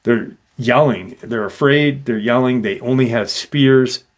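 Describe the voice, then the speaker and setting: Man, paranormal storyteller, unhurried delivery, casual with fillers, middle pitch. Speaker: paranormal channel host. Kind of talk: retelling a witness encounter.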